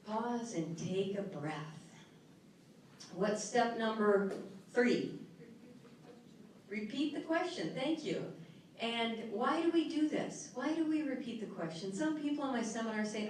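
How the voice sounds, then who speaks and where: A woman's voice: a little high, measured pace, pauses often. A middle-aged woman speaks at a live workshop, her voice soothing as she guides a breathing exercise and emphatic as she teaches. The sound is very echoey and picked up from a distance in a large hall. A faint noise runs underneath. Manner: soothing, guiding, then lively and emphatic.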